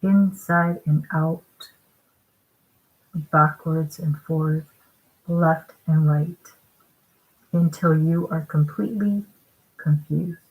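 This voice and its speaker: Woman, online preacher, sermon-style commentary, low voice, very slow pace, emphatic, rhetorical questions. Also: steady tone, narrow, tinny audio. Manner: emphatic, deliberate, with rhetorical check-ins.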